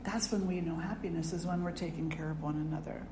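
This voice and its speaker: A woman spiritual teacher gives a satsang talk in a reflective, conversational way and turns often to the audience with questions. Her voice sits on the low side. The sound carries in a roomy hall with a faint background hum. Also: steady tone, fast.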